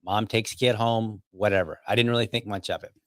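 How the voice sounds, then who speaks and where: A man's voice: on the low side, steady tone, brisk, a little hiss or hum. A man hosting a podcast, telling a story casually with many restarts and asides. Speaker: podcast host.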